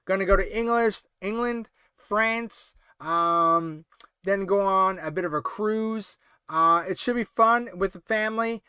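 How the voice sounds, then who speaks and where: Livestream host, man, late-night casual chat, tired and rambling, high-pitched, smooth clear voice, dry close sound. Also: bright, forceful tone, no room sound. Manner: rambling, halting, many fillers and restarts. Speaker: toy collecting livestream host.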